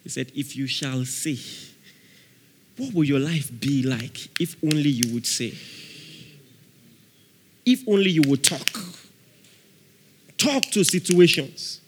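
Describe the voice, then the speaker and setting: A man preaching with a bright, high-pitched, very lively voice. He acts out voices in his stories and shouts example prayers. His voice rings through a hall with long reverb. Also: slow pace, pauses often, a little hiss or hum. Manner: animated preaching, acting out quotes, laughing, shouting prayers. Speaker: pastor. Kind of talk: sermon.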